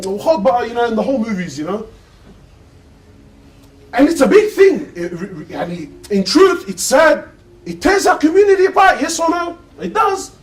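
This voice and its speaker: Recorded roughly on a distant mic, a man with a very high voice preaches a Friday sermon. He speaks with passion, hurling rhetorical questions at the congregation.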